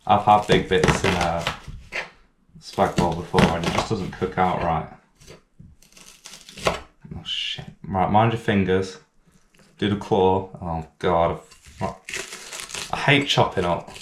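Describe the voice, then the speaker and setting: A man's voice: low-pitched, slow, long pauses, heavy background noise. A man hosting a casual home cooking vlog in his kitchen. He rambles, mocks himself and swears a lot while he chops. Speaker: cooking channel host. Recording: echoey kitchen with clattering pans.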